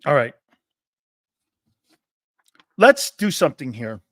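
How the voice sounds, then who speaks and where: A man's voice: mid-range voice, very animated, slow, a bit bright, no echo, clean studio sound. A brash middle-aged man hosting a sports talk show, ranting in rhetorical questions and laughing often.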